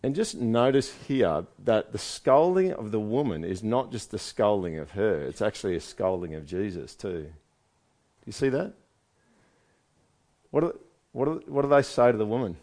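Low, mellow-voiced male preacher. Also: very animated, moderate pace. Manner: conversational, full of rhetorical questions. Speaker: pastor. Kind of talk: sermon.

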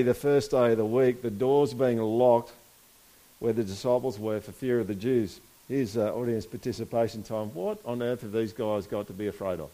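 A man's voice: medium pitch, mellow. A man preaching a sermon in a casual, conversational way, asking the congregation for responses and reading scripture aloud. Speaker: pastor.

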